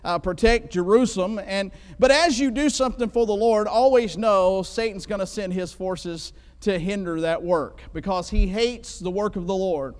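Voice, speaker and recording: A man's voice: high-pitched, moderate pace, few pauses, clean tone. A man preaching a sermon in a conversational way, often checking in with "right?" as he explains scripture. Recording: long reverb of a large hall.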